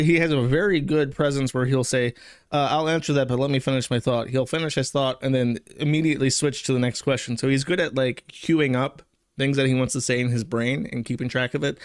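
A man's voice: mid-range voice, dry recording, studio quality. A man giving casual, sarcastic commentary, rambling and crude. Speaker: streamer commentator.

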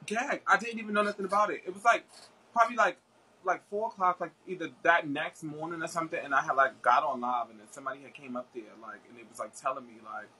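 A man's voice: on the high side, fairly even intonation, fast, sharp tone, rough recording. A man chatting as a guest, telling a story in a rambling way with many fillers and restarts. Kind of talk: casual chat.

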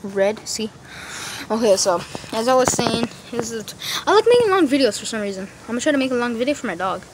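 A woman's voice: on the high side, sing-song, fast. A woman vlogging casually outdoors into a phone camera, rambling with slang and lots of fillers. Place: outdoors in a yard near a road. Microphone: phone camera held facing self. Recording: outdoor phone recording with traffic noise. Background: street traffic and outdoor ambience.

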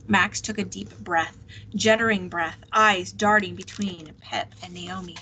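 A woman teacher reading a novel aloud, steady and expressive. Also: on the low side, unhurried, a little hiss or hum, low-quality recording.

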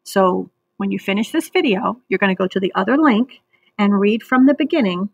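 A woman teacher leading an online reading lesson for children, speaking patiently and clearly and stretching out words so children can clap the syllables. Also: medium pitch, expressive, fairly quick, no echo.

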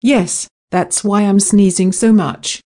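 A woman reading simple scripted practice dialogues in a slow, even textbook delivery. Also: medium pitch. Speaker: dialogue reader for English practice.

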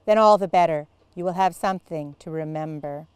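A stern, enraged headmistress barks orders and cuts with withering scorn, as a woman reads her lines aloud. Her tone is clear and smooth, and the recording is close and dry. It sounds like a storybook read aloud. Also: low voice, brisk, dry recording, lightly acted. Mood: withering, commanding. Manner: cold, commanding, withering. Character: stern furious headmistress, middle-aged woman.

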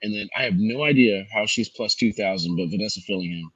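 A man co-hosting a sports podcast, talking through his betting picks in a measured, analytical way. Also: on the low side, a bit bright, slightly rough, dry recording, lo-fi sound. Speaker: co-host.

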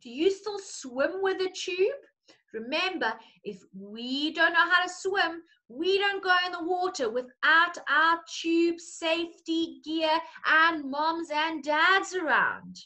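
Woman, very slow, bright tone, playful storytime teacher. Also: very high-pitched. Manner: animated, playful, coaxing. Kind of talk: reading a picture story to young children.

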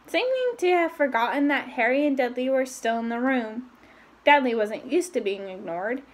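A woman casually reading a novel aloud, breaking off for her own asides and lifting her voice for the characters' lines. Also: expressive. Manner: reads quickly with asides, raising pitch for quoted voices. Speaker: reader.

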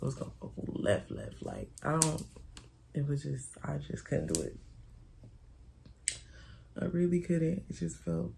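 Gravelly woman telling a candid storytime. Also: deep voice, huge pitch swings, a little slow, long pauses, warm tone, a little hiss or hum. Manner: candid, swearing, repeats herself, quotes friends dramatically. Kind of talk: casual storytime vlog.

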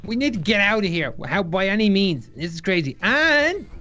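Excitable gamer on dull audio. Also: medium pitch, normal speed. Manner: excitable, giggly reactions. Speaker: player in role-play. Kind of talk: Minecraft role-play.

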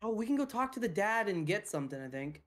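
Animated, teasing woman gamer. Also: medium pitch, fast. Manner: teasing, bossy and playful with friends. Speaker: co-host of a game playthrough. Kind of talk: casual gaming chat.

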